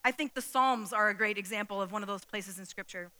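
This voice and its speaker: A woman's voice: mid-range voice, fast, sharp tone, poor audio. A woman preaching a sermon in a conversational teaching style, often checking in with her listeners. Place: church hall with a screen.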